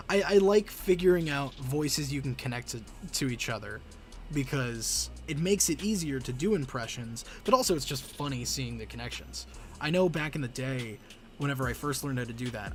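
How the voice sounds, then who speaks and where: A man chatting casually on a live stream, chatty and self-deprecating, breaking into laughs. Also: mid-range voice.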